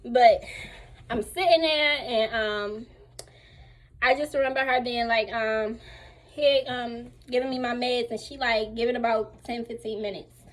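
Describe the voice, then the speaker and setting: A young woman tells a rambling, animated storytime. She is still a little sore from recovery and speaks casually from home while getting dressed. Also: a little high, moderate pace. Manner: chatty, animated retelling with acted-out quotes. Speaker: vlogger.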